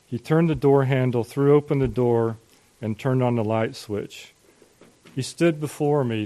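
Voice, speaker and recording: A man preaches in a mid-pitched voice, recounting a painful story slowly and dramatically. He lingers over each phrase, letting the tension build. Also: mellow. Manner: slow, dramatic first-person narration. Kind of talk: sermon storytelling.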